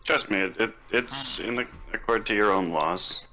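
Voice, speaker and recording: A man's voice: on the low side, normal speed, bright, forceful tone. A man playing a tabletop game over online voice chat, joking and laughing often. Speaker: player.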